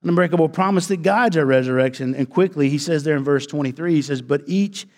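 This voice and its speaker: A pastor preaching to his congregation, his voice sitting a little high for a man. He throws questions out for the people to answer and climbs in pitch and force as he presses a point. The sound rings with the long reverb of a church hall. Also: quick pace, a little mellow. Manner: preaching with call-and-response to the congregation. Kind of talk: sermon.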